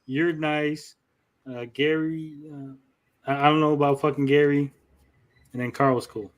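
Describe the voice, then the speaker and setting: A man's voice: fairly high pitch, little pitch movement, measured pace. A man hosting a gaming livestream, talking bluntly in casual chat and swearing freely.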